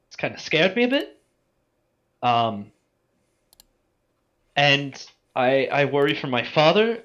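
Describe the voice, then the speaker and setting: A man voicing an uncertain, worried young woman mage in a tabletop game, speaking hesitantly with soft pauses. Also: a little high, dull audio. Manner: hesitant, halting, soft-spoken.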